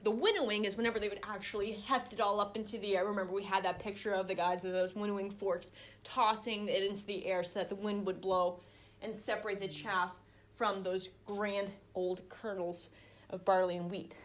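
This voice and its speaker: A woman's voice: medium pitch, little pitch movement, fairly quick, a little hiss or hum. A young woman teaching a small group Bible study in a conversational way, with lots of fillers and restarts. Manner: conversational, acts out quoted voices, many fillers and restarts.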